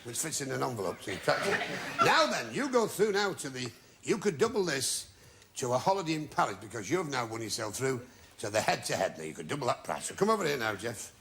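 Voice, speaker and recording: A man hosting a TV game show with wisecracking jokes and drawn-out asides to the audience. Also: mid-range voice, sing-song, gravelly. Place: TV studio with a live audience. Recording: loud studio audience and noise from an old TV broadcast.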